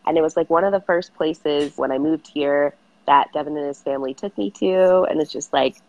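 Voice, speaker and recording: Low-voiced bubbly young woman, dry sound. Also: normal speed, a little mellow, no room sound, highs cut off. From San Fernando Valley, California. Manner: bubbly, laughs often, uses "like" a lot. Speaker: guest. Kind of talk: casual interview chat.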